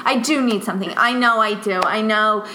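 A woman from the United States talking as a mother on a call, gushing and rambling and quick to get worked up. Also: medium pitch. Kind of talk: casual chat on a call. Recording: echoey room with faint noise.

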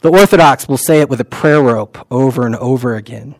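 A man preaching a sermon in a conversational way, with many fillers, and reciting prayers softly. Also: medium pitch, fairly quick, no echo, poor audio.

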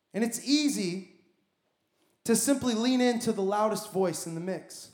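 A man's voice: high-pitched, lively intonation, unhurried, a little mellow. A man preaching a sermon as pastor, emphatic and building his points with repeated phrases. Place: church sanctuary. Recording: echoey church hall.

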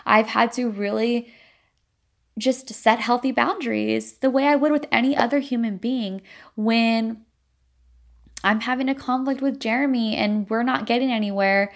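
Earnest mother with a gravelly voice. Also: a little high, fairly even intonation, normal speed. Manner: earnest and reflective, often starting with "and so". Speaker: mother sharing parenting experience. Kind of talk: personal storytelling monologue.

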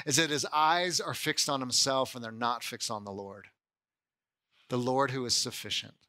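A pastor delivers his sermon in a chatty style, his voice sitting a little high, peppering his talk with "like" and "right?" and growing animated whenever he gives voice to someone's doubts.

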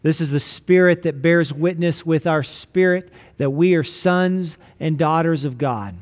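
A man preaching a sermon as a pastor, slowing down to stress key lines. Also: fairly high pitch.

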